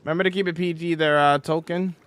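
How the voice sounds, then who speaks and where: Guy on a livestream chatting w/ viewers, hums while building, kinda high bright voice. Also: steady tone, fast, clean tone. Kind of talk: casual livestream chat.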